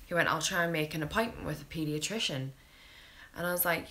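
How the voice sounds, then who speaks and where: A British woman with a low, deep-set voice talks straight to camera like a tired young mother. She is frank and unfiltered and swears freely as she tells her story in a casual vlog. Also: expressive, brisk, pushed and bright. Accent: British English. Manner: blunt, candid, swears freely.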